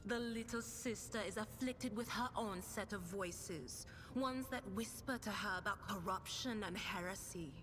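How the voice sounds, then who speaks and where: An actress playing a proud young female ship navigator, measured and haughty, from a game. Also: a bit bright, close to an everyday voice. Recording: reverberant game audio with faint rumble.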